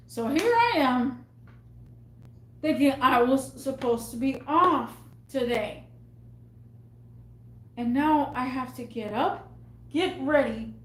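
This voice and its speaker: A young woman with a fairly high voice rambles through an exasperated rant. She vents casually to her viewers as a vlogger. Her voice bounces around an echoey room at home.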